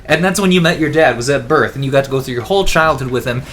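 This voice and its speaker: A man's voice: medium pitch, fast talker, fairly bright tone, a little hiss or hum. A man in casual gaming chat, joking and swearing casually. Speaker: podcast co-host.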